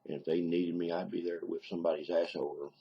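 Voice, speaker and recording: A married man with a deep Southern accent, talking bluntly and casually to camera in a home video diary, plainspoken with mild cursing. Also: level tone, fast, dark tone, slightly rough, muffled recording. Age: adult, married. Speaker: video diarist.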